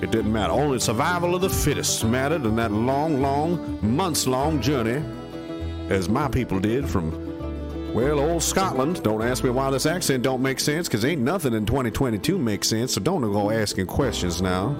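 A man voicing a folksy old male pioneer telling a frontier tale in a drawling, mock-gruff, ungrammatical way. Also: medium pitch, lively intonation, moderate pace, music in the background, voice pushed down, natural voice. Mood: tall-tale gruff.

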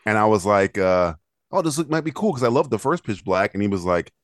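A man's voice: lowish voice, sing-song, a little fast, no echo, studio quality. A man hosting a casual podcast chat, joking crudely and laughing often. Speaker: podcast host.

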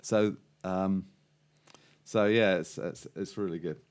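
A man's voice: low voice, steady tone, slow, darkish tone. A man co-hosting a podcast, chatting casually and telling jokes with lots of fillers and restarts. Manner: rambling storyteller, lots of fillers and restarts, laughs at own jokes. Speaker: podcast co-host. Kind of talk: casual chat.

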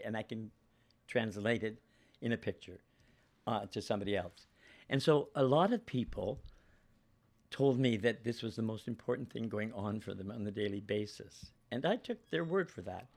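A man with a gravelly, creaky voice chats as a guest, wandering from story to story. He pokes fun at himself and laughs easily as he talks. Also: mid-range voice. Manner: meandering, self-deprecating storytelling with laughter. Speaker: guest, actor and photographer. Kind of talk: casual interview chat.

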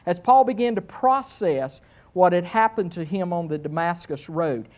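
Animated storytelling male preacher. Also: normal speed. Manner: animated storytelling with swings in pitch; self-mocking humor. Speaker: pastor. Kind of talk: sermon.

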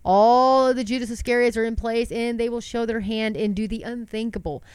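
A woman's voice: on the high side, steady tone, a little fast, darkish tone, clean tone, no room sound. A middle-aged woman hosting an online commentary show, congested from a sinus cold, reading news aloud with preachy fervor and asking her viewers rhetorical questions.

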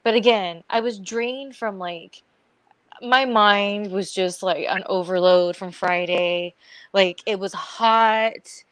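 A woman's voice: mid-range voice, slow, a bit bright, clear, resonant tone, no room sound. A woman co-hosting a podcast, telling a long story in casual chat, acting out what people said and laughing often. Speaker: podcast co-host.

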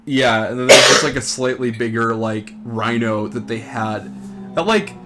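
Young man, podcast co-host, laid-back, rambling, mid-pitched voice. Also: unhurried, background noise. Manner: laid-back, rambling, many fillers and laughs. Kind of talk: casual podcast chat.

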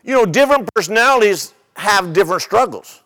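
A man's voice: high-pitched, animated, brisk, a bit bright, long reverb tail. An older man, a pastor, preaching a sermon in a conversational way, repeating his words and telling humorous stories.

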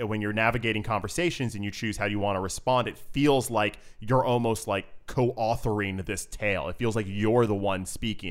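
A man co-hosting a casual chat about video games, lively and quick to laugh, acting out little quotes as he talks. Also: lowish voice, clean tone. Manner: animated, laughs often, acts out quotes. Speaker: podcast co-host.

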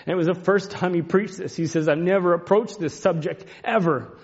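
A high-pitched male preacher delivers an impassioned sermon, sinking to hushed, tender passages and climbing to ringing cries. The recording sounds dull and lo-fi, muffled at the top end. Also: fairly quick, slightly rough. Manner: impassioned, swings between hushed and rising cries. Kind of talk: emotional sermon retelling a story.

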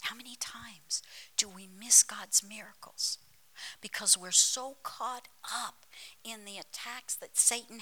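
Bright-voiced woman preaching, slow and emphatic. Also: fairly high pitch, low-quality recording. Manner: emphatic, drops into dramatic whispers; storytelling with humor, calls to the congregation. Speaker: pastor. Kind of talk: sermon. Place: church.

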